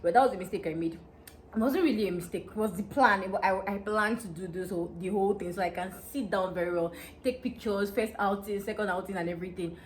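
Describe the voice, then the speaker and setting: Fast-talking Nigerian woman telling gist. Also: mid-range voice, a little hiss or hum. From Nigeria, Delta State. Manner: animated and excitable, breaks into laughter. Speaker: vlogger. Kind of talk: casual storytelling gist.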